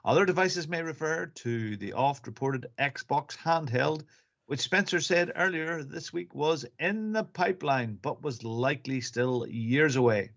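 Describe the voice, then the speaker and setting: A man's voice: a little high, measured pace, fairly bright tone, lo-fi sound. A man presenting gaming news on a podcast, slipping wry joke lines into the reports. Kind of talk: reading gaming news with jokey asides. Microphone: computer mic on a live stream.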